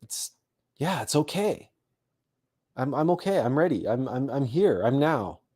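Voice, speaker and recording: A man hosts a live spiritual talk in a mid-range voice, neither high nor low. He moves slowly and meditatively, with soft pauses. He repeats his phrases as he leads listeners through a calm visualization. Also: slightly rough.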